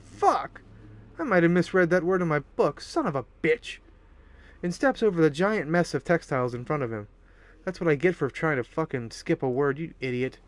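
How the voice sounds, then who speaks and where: A man's voice: fairly high pitch, expressive, normal speed. A man streaming a visual novel, reading the story aloud and breaking off into profane, self-mocking asides. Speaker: game streamer.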